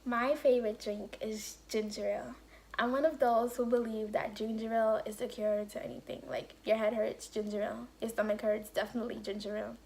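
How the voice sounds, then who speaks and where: A woman's voice: fairly high pitch, brisk, creaky. A young woman vlogger telling a casual story, acting out quotes and saying "like" often. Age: young adult. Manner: animated storytelling with acted-out quotes and lots of "like". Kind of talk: casual story-time chat.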